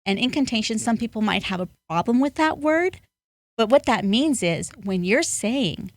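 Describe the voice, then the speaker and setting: A woman's voice: medium pitch, expressive, moderate pace, no room sound, clean studio sound. A woman guest on a podcast, a life coach speaking in an earnest, motivational way with emphatic bursts. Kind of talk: podcast interview.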